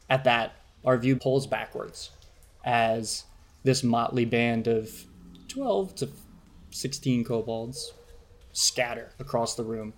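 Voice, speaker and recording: A man narrating a tabletop game as its game master in a relaxed, chatty way. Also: medium pitch, slow.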